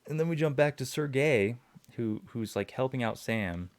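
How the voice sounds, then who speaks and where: A man's voice: mid-range voice, normal speed, no echo. A young man hosting a podcast, rambling through an episode recap with lots of fillers, swearing and chuckles. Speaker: podcast host.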